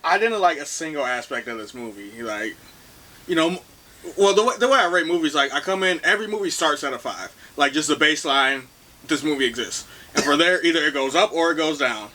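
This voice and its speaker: A man's voice: on the high side, lively intonation, brisk, bright, forceful tone. A young man co-hosting a casual movie review podcast, blunt and dry, with plenty of "like" fillers. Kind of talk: casual chat.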